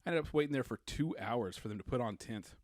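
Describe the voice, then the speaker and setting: Male podcast co-host, mid-pitched, rambling storyteller, dry close mic. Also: expressive, quick pace, no room sound. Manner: rambling anecdotes, acts out the people he quotes. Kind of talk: casual storytelling chat.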